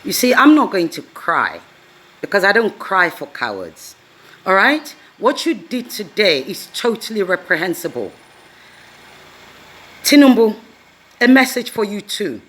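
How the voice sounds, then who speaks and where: A woman's voice: medium pitch, very animated, measured pace, pauses often, a bit bright, slightly rough. A woman giving an indignant, emphatic address straight to the camera, repeating phrases for force. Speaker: activist. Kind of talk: impassioned video address.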